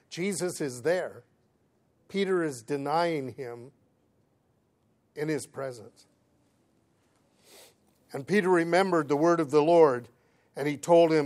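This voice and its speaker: A man preaching, reading scripture aloud and explaining it in plain conversational words, swinging between emphatic lines and quiet asides. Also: fairly high pitch. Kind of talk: Bible teaching sermon.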